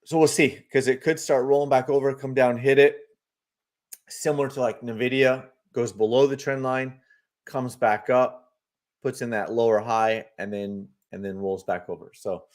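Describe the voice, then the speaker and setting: A man's voice: medium pitch, darkish tone. A man hosting a live market stream, speculating loosely about charts and answering viewers' comments with many fillers. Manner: chatty, reads viewer comments aloud and answers them. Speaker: livestream market analyst host.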